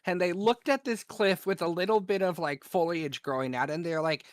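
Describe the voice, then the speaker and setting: A woman's voice: on the low side, moderate pace, no room sound. Giggly streamer woman, dry close mic. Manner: laughs often, animated storyteller, swears freely. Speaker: podcast co-host, streamer. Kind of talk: casual chat.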